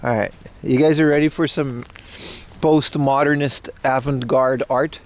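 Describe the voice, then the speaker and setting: A man's voice: mid-range voice, steady tone, a little slow. A man hosting a casual outdoor livestream, rambling and joking with playful self-mockery. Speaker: IRL livestream host. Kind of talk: casual walking livestream chat. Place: outdoors at an event in Japan.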